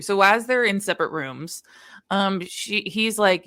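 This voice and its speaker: A woman's voice: medium pitch, measured pace, a bit bright. A woman co-hosting a podcast, casually retelling a story's plot and acting out the characters' lines as she goes. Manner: retells plot with quoted voices and laughs. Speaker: podcast co-host. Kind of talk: casual book-recap chat.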